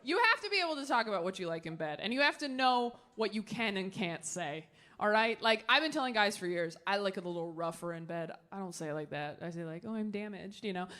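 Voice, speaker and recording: A woman comedian doing brash, sarcastic stand-up with quick crowd banter. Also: mid-range voice, animated. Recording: echoey theater with loud crowd noise. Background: audience laughter.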